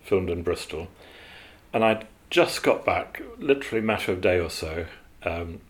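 A man with a very low voice recalls his years as an animator in a relaxed interview. He wanders through his stories, trailing off with ums and starting over mid-sentence. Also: moderate pace. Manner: rambling, with many fillers and restarts. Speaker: animator guest. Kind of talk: interview storytelling.

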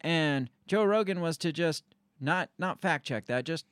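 A man's voice: fairly high pitch, measured pace, fairly bright tone, smooth, no echo, studio quality. A man co-hosting a podcast, ranting and swearing in exasperated casual chat. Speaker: podcast co-host.

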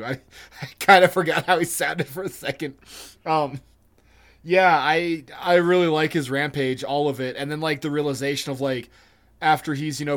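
A man's voice: on the high side, fairly bright tone. A man co-hosting a podcast in casual chat, stammering through restarts, laughing often and joking crudely. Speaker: podcast co-host.

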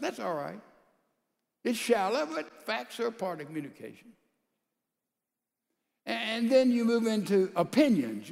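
A male pastor preaching a sermon to a large church congregation, calling out to the crowd and swinging between loud and soft. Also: high voice, creaky, big-room sound. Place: large church sanctuary with a balcony.

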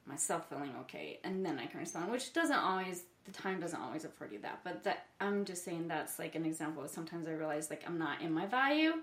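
A woman's voice: low voice, expressive, fast, hardly any pauses, a bit bright. A mother talking in a loose, rambling way with a lot of fillers, as a podcast co-host in casual chat. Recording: echoey room.

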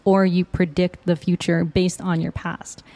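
Brief: woman in easy conversation, low and level, reflective. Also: little pitch movement, a little slow, warm tone. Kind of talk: casual conversation.

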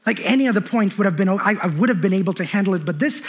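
A pastor preaching a sermon in church, building emphatically and slipping into relaxed storytelling with quoted dialogue. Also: male voice, sits high, brisk, few pauses, slightly rough.

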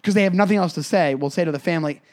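A man's voice: on the high side, rapid-fire, darkish tone. A man co-hosting a comedy podcast, chatting casually and telling rambling stories that keep interrupting themselves. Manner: rambling, self-interrupting storytelling. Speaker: podcast co-host.

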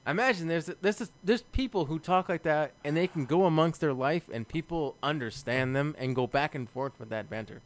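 A man's voice: a little high, fairly quick, few pauses. A man co-hosting a podcast, rambling casually with lots of swearing and laughter. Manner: rambling, profane, laughs often. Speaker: podcast co-host. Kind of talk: casual banter.

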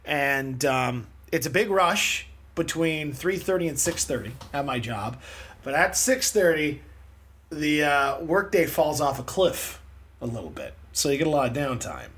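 A podcast co-host with a voice on the high side, slightly rough and a little slow, chats casually about music history. He's animated, laughs often, and wanders into rambling asides, all while dealing with neck and shoulder pain.

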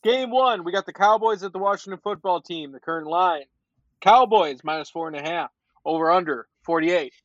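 Podcast host, male, high voice, dry dull mic, jokey and leading. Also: fairly quick, dry recording. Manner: joking, leads the segments. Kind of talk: casual sports chat.

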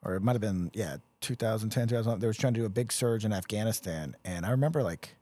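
A man's voice: on the low side, quick pace, mellow, breathy edge, no room sound. A man co-hosting a podcast, casually recalling his army days in a rambling way. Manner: rambling, self-correcting recollection. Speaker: podcast co-host, veteran. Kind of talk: casual chat.

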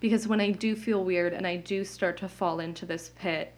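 A woman's voice: on the low side, steady tone, normal speed. Candid young woman rambling on her podcast. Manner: candid, rambling, many "like" fillers, laughs often. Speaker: podcast host. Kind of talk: casual solo podcast monologue. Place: home, indoors.

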